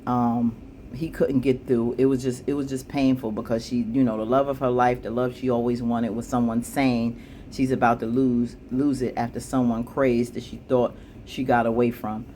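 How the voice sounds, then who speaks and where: A woman casually recapping a TV episode, chatty, with plenty of asides, acting out the characters' lines with jumps in pitch. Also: flat delivery, moderate pace, warm tone, slight background noise. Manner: chatty, frequent fillers and asides. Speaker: TV show recap vlogger.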